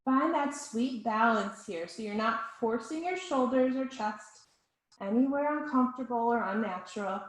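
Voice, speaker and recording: A woman teaching a yoga class, giving slow and soothing cues with soft pauses. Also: fairly high pitch, echoey room. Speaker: yoga instructor. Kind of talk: guided yoga class instruction.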